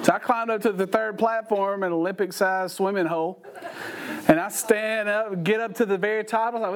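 An older man, preaching through lively, folksy personal stories. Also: sits high, quick pace. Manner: animated, folksy storytelling with laughs. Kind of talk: storytelling sermon.

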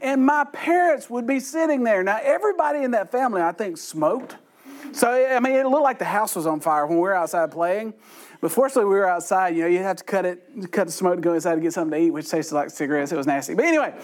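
A middle-aged man teaches a Bible study in a light, joking way. His voice sits high for a man, and his talk runs loose and conversational with dry, self-mocking asides.

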